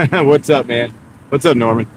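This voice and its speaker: A man talking loosely to his viewers while he drives at night, on a clip-on mic. His voice is mid-pitched, and the steady hum of the car and the road carries clearly underneath it. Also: a little slow. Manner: chatty, greets chat viewers by name. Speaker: streaming gig delivery driver. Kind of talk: casual live-stream chat while driving. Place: inside a moving car. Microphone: wireless clip-on mic. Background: car and road noise.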